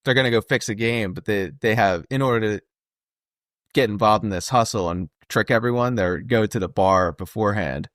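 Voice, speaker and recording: A young man co-hosting a podcast, chatting casually about a movie in a relaxed way, thinking aloud with "uh" and "dude.". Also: fairly low pitch, fairly quick, no room sound, clean studio sound. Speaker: podcast co-host.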